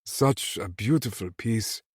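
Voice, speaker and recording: A man's voice: lowish voice, takes it slowly, a little mellow, slightly rough, no room sound, studio quality, pitched above the performer's own voice. A man voicing a fussy, kindly old male jeweler who speaks clipped, broken English in a thick accent. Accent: thick foreign accent.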